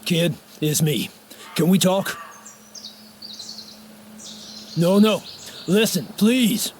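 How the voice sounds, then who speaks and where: A man's voice: high voice, animated, takes it slowly, background noise. An actor playing a protective, hot-tempered trucker who talks to the player in a fatherly, familiar way, from a video game. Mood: pleading. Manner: fatherly, calls the player young blood. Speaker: game character. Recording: game audio with music behind.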